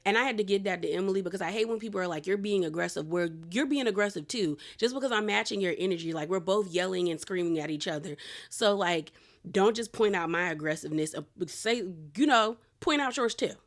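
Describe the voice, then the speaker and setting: A woman's voice: mid-range voice, a little fast. A woman casually recapping a reality TV episode, chatty and opinionated, with lots of "like". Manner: chatty and opinionated, heavy use of "like".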